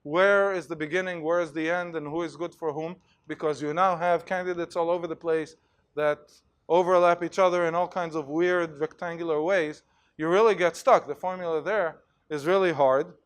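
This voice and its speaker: Male university lecturer, high-pitched voice, animated storytelling, lots of fillers. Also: moderate pace, clear, resonant tone. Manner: animated storytelling, acts out cheers, many fillers. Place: lecture hall.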